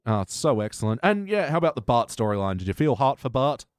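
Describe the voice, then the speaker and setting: A man hosting a casual podcast chat, talkative and quick to laugh, often acting out quoted lines. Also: mid-range voice, sing-song, no room sound, clean studio sound. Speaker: podcast host.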